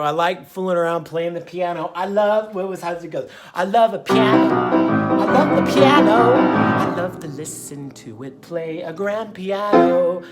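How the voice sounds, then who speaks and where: A man hosting his own diet vlog, talking in a folksy, meandering way full of fillers and drifting off topic. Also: on the high side. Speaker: vlogger and diet channel host. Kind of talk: rambling casual monologue.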